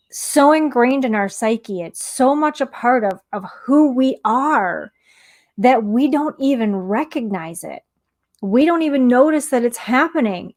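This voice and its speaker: A woman's voice: on the high side, darkish tone. A woman who teaches mindfulness, talking candidly in a casual self-help monologue and sharing personal stories.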